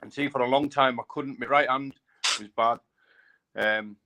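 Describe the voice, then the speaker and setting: A man's voice: mid-range voice, fairly even intonation, normal speed, pushed and bright. A man, a bare-knuckle fighter, chatting casually and rambling, repeating himself and saying mate a lot. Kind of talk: casual live chat.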